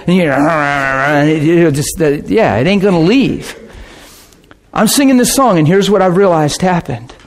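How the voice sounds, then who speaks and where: A man preaching, telling a lively testimony story with laughter and a short sung passage. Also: on the high side, normal speed. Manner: animated storytelling, bursts of laughter, sings a hymn line. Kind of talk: testimony sermon.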